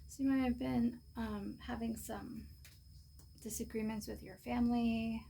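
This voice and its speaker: Woman reading tarot cards for viewers, soft and slow, dark fry-tinged tone over a faint hiss. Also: on the high side, steady tone. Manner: unhurried, soft-spoken, pausing with fillers. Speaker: tarot reader. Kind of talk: pick-a-card tarot reading.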